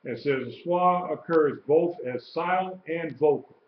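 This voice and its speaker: Slow, patient man teaching in a roomy class. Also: on the high side, a little hiss or hum. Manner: patient, repeats terms and spells them out. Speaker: Hebrew teacher. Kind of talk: classroom lecture, live-streamed. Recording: roomy, dull lo-fi live stream.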